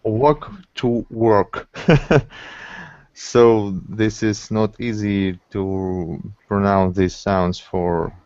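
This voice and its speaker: A man whose first language is Russian, answering in an online English class, halting with many fillers. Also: fairly low pitch, fairly even intonation, a little mellow, clean tone, no room sound. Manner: halting, lots of uh. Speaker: student. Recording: dull lo-fi online call audio.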